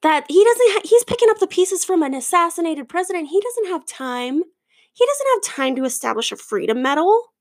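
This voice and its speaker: A young adult woman hosting a podcast, chatting and ranting in a lively, animated way. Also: extremely high pitch, fairly quick, dry recording. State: out of breath. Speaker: podcast host. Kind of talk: casual chat.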